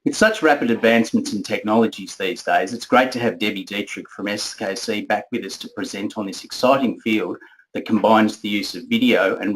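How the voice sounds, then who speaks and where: A man's voice: lowish voice, slight background noise, rough recording. A man hosting a webinar, giving a polite and formal introduction of the speaker. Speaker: webinar host.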